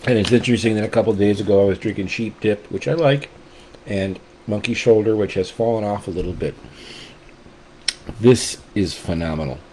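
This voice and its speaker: A man talks through a whisky tasting in a relaxed, rambling way, gushing with enthusiasm and often restarting his thoughts. His voice sits fairly low and has a warm, mellow tone. A faint hiss of noise runs under the recording. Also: a little fast, rough recording. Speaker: whisky reviewer and channel host. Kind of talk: casual tasting review.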